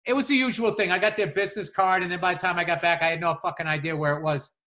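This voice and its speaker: A man co-hosting a podcast, telling animated stories in casual chat and swearing freely. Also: sits high, racing. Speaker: podcast co-host.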